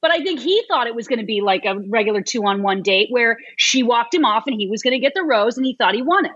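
A woman's voice: on the high side, expressive, quick pace, a bit bright, slightly rough, dry recording. A woman guest chatting casually on a podcast, giving wry, candid opinions. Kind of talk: casual chat. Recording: slightly muffled sound.

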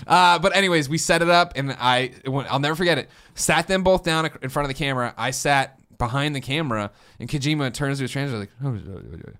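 A man in his thirties rattles through stories at a rapid clip on a casual podcast. He is excitable and rambling, with plenty of swearing and self-interruptions. His pitch sits in an ordinary middle range. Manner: fast, excitable storytelling with frequent swearing and restarts. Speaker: podcast co-host. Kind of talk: casual chat.

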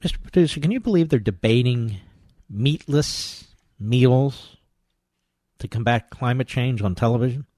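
An older man hosts a talk radio show with a combative, sarcastic monologue, alternating loud jabs with quiet asides. His voice is medium-pitched and moderately paced, recorded cleanly in a studio with no room sound.

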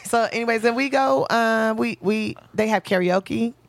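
Gravelly-voiced woman telling bawdy stories. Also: a little high, moderate pace, no room sound. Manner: bawdy, animated storytelling with laughter. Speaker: guest storyteller. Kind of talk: casual podcast chat.

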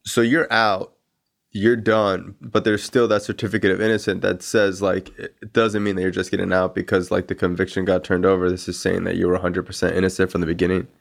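Laid-back man with a low voice. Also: little pitch movement, brisk, creaky. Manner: laid-back, many short affirmations like "wow" and "mm-hmm". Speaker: podcast host. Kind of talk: casual interview chat.

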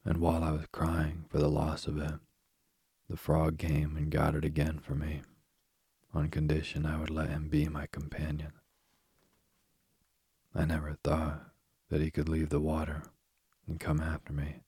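A man's voice: a bass voice, monotone, unhurried, long pauses, warm tone, husky, no echo, studio quality, full character voice. A man doing a fretful young princess. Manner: fretful, pleading. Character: spoiled young princess, fearful then furious.

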